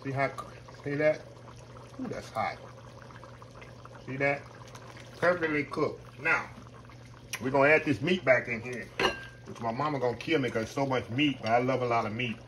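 A man's voice: mid-range voice, moderate pace, pauses often, noisy background. A man, chatting casually as he cooks at home and calls his viewers "y'all". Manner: folksy, talks to viewers as y'all. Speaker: home cook. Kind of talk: casual cooking video chat.

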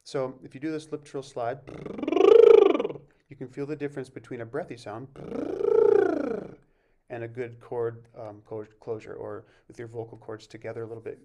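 A man teaching a vocal masterclass, explaining warm-ups and breathing in a relaxed way and breaking off to sing short examples. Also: medium pitch, normal speed, long pauses, slight background noise. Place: music camp masterclass recording.

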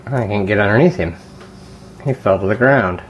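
A man casually talking viewers through picking a lock at his home workbench, thinking aloud with frequent ums and quiet mutters. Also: lowish voice, normal speed, slight background noise. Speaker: lockpicking hobbyist. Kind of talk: casual hands-on demonstration vlog.

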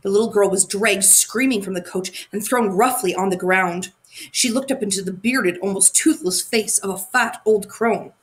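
A woman narrating a fairy tale aloud, expressive and sometimes correcting her own slips. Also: medium pitch, moderate pace. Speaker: audiobook narrator. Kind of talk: storybook reading.

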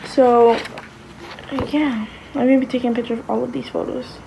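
A woman's voice: on the high side, steady tone, moderate pace, vocal fry, noisy background. A young woman vlogging casually, gushing and exclaiming, sometimes dropping to a whisper. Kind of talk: casual reaction vlog.

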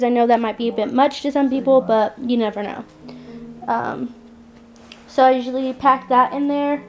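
A woman's voice: fairly high pitch, darkish tone. A young woman, a mom, chatting casually to her camera at home, full of "like" and fillers. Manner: chatty, filler-heavy with lots of "like". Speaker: mom vlogger. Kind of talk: casual vlog chat. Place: at home in an apartment, indoors. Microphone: handheld point-and-shoot camera.

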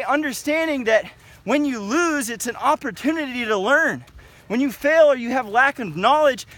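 Man, wrestling coach, motivational pep talk, high voice, outdoors in the mountains, emphatic and repetitive. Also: bright, forceful tone. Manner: emphatic, repetitive, tags lines with "okay?".

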